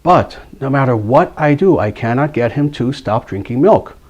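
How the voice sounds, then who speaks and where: A man's voice: medium pitch, animated, moderate pace, darkish tone, lo-fi sound, lightly acted. A man voicing a worried, hesitant mother who stammers as she pleads for help. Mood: pleading. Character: worried pleading mother, middle-aged woman.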